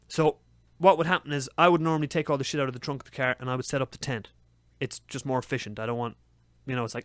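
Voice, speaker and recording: A young man telling a story on a podcast, swearing freely and acting out his own frantic shouts. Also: mid-range voice, steady tone, quick pace, no room sound. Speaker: podcast co-host. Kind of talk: casual storytelling chat.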